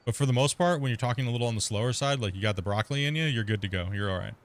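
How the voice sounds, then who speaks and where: Male streamer host, rapid rambling casual talk, middle pitch. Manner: talks extremely fast, rambling with many restarts. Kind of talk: casual gaming chat.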